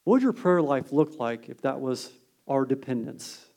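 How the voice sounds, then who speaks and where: A man preaching a sermon as a pastor, earnest and emphatic, dropping to a hushed tone on key lines. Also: mid-range voice, lively intonation, moderate pace, gravelly.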